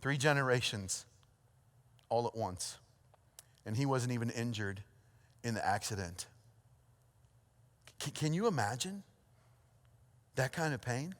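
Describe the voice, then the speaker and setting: A pastor preaching a sermon, telling a story with lively energy, then dropping to a hushed, earnest tone. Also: male voice, medium pitch. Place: church auditorium. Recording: long hall reverb.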